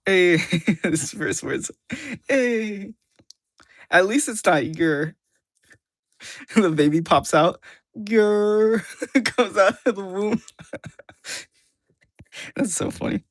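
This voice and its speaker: A man's voice: high voice, animated, takes it slowly, pauses often, a bit bright, no room sound, studio quality. A man streaming a game, chatting casually, joking and laughing often. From New York. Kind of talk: casual chat while gaming.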